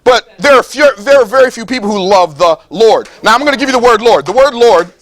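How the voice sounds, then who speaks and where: A man's voice: extremely high pitch, lively intonation, a bit bright, dry recording. A man preaching to a live audience, emphatic and playful, repeating phrases and acting out quoted voices. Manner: emphatic, repeats phrases, reads scripture slowly. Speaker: speaker at a business seminar. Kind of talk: preaching-style motivational talk.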